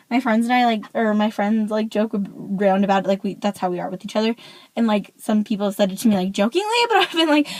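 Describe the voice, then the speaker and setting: A woman's voice: a little high, no echo, poor audio. Chatty teenage girl ranting. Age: teens. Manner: chatty, says "like" constantly, animated. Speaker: vlogger. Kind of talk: casual storytime rant.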